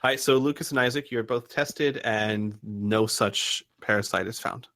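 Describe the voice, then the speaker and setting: A man narrating as game master for a tabletop game, halting with frequent ums and restarts. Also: on the low side, a bit bright.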